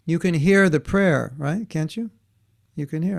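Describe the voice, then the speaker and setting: A man's voice: on the high side, a little slow, vocal fry. A man teaching a class for children in a conversational way, often checking in with his students and restarting his sentences. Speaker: workshop teacher for kids.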